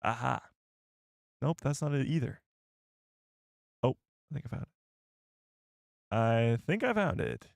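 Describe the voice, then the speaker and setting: A man's voice: mid-range voice, very animated, unhurried, vocal fry, long pauses, no echo, clean studio sound. Man hosting a rambling live stream. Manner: rambling, thinks aloud while searching and reading chat. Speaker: livestream host. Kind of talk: casual live-stream chat.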